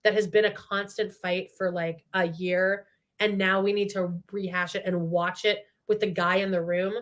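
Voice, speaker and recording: A woman co-hosting a podcast, gossiping casually and retelling scenes with lively quoted lines. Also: medium pitch, normal speed. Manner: animated retelling, acting out quotes. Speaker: podcast co-host.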